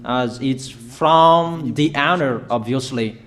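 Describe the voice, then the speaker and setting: A man's voice: mid-range voice, slow, a bit bright. A man preaching a sermon of prophetic declarations, emphatic and repetitive in a declamatory way.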